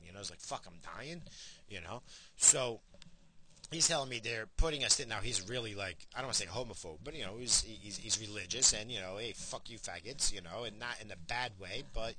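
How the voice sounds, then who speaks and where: An older man with a mid-range voice tells a story in a casual, profane, rambling way, animatedly acting out the people in it and quoting their voices. Background noise can be heard.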